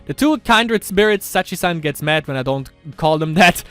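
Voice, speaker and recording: A man's voice: on the high side, animated, normal speed, a bit bright, smooth, no room sound, faint music behind. A man doing casual let's-play commentary, reading a visual novel aloud with rambling asides and frequent laughter.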